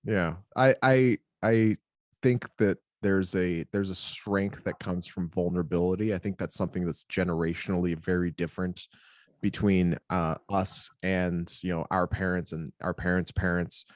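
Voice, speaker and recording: Rambling man with a lowish dry voice. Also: steady tone, normal speed, no room sound. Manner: rambling storyteller, heavy on filler words. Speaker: podcast co-host and new father. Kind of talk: casual podcast conversation.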